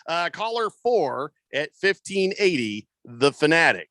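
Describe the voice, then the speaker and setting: A man's voice: a little high, very animated, unhurried, a bit bright, no echo. A man hosting a sports radio show in casual chat, rambling loosely with plenty of fillers and restarts. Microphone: studio microphone.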